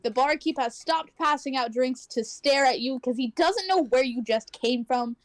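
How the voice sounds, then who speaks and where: A woman's voice: high-pitched, moderate pace, no echo. A woman running a tabletop game as game master, narrating in a casual, rambling way with many fillers and restarts.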